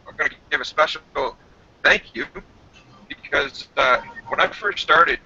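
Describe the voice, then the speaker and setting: A man's voice: a little high, a little slow, bright, forceful tone, husky, muffled recording. A man with a New Brunswick accent hosting a casual livestream chat, chatty and full of fillers. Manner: chatty, laughs often, many fillers. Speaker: channel host. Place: home.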